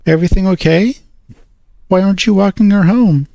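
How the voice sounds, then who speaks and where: A man voicing a caring middle-aged mother, gentle and concerned. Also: sits high, normal speed, creaky, no room sound, pitched above the performer's own voice.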